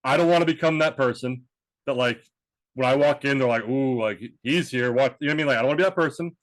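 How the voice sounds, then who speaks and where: A man's voice: mid-range voice, racing, no echo. A man co-hosting a podcast, telling a story in a rambling, casual way with restarts and swearing. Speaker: podcast co-host. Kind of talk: casual chat.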